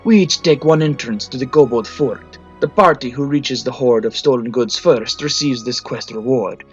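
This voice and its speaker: A man's voice: mid-range voice, moderate pace, slightly rough, dull audio, faint music behind. A man voicing a pompous, preachy male dragonborn paladin in a bad put-on Spanish accent, as a storybook reading. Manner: grandiose, preachy.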